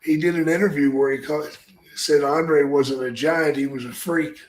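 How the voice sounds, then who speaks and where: A man, a retired pro wrestler, telling gruff, profanity-laced stories in casual podcast chat. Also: a little high, steady tone, normal speed, echoey room. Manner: gruff, profane, rambling anecdotes.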